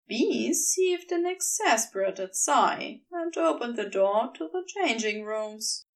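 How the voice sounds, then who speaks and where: A woman narrating a fan story aloud as a podfic reader, unhurried and expressive. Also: a little high, recorded from a distance.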